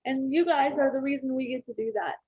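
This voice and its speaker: A woman co-hosting a podcast, talking earnestly and haltingly with many fillers and restarts. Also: high-pitched, breathy edge, dry recording. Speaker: podcast co-host. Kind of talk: heartfelt casual podcast talk. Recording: dull lo-fi dry sound.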